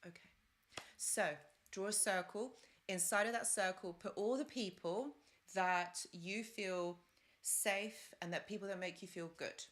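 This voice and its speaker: A woman's voice: mid-range voice, a little slow, a bit bright. A woman hosting a live-stream advice talk, chatty and rambling, with fillers and side stories. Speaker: host.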